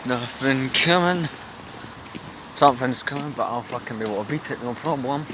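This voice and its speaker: A man's voice: medium pitch, normal speed. A young man vlogging casually while walking city streets, rambling and swearing freely as he talks to a handheld camera. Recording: noisy street recording.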